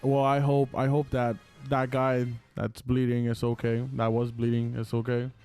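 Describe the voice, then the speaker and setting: A man's voice: medium pitch, normal speed, smooth, soft background music. A young man co-hosting a casual podcast, retelling a story animatedly with lots of "like". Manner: animated retelling, heavy use of "like". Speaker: podcast co-host. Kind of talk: casual chat.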